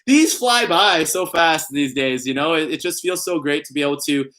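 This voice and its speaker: A man's voice: a little high, normal speed, fairly bright tone. Giggly young man chatting playfully. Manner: playful, giggly, reads puns in a put-on emphatic voice. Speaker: vlogger. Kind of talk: casual vlog chat.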